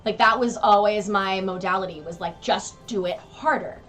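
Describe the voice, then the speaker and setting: A woman's voice: medium pitch, normal speed, fairly bright tone, faint music behind. A young woman co-hosting a casual live chat with her partner, who laughs often and reads out viewer questions. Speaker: co-host of a couple's live stream.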